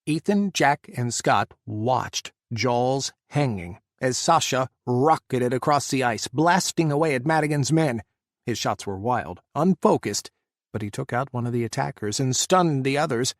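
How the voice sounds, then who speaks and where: A male narrator reads an audiobook in steady, measured narration at a middling pitch. The recording is dry and close, with no room sound. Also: no echo. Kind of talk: scripted narration.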